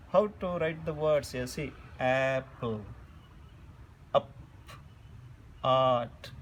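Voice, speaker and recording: Slow-spoken male teacher. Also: fairly high pitch, a little hiss or hum. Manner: slow, repetitive, demonstrates vowel sounds aloud. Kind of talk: phonetics lecture.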